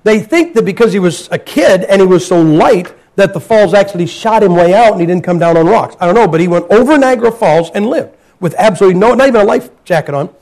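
A man's voice: high-pitched, expressive, fast talker, hardly any pauses, a little mellow, rough recording. A man preaching in a church, telling stories with a folksy, humorous manner. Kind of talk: sermon.

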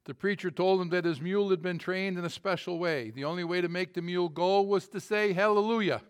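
With a voice that sits high and a steady, clean tone, this middle-aged male pastor preaches in a homespun, self-mocking style. He halts and starts over at times and shares a humorous story with his congregation.

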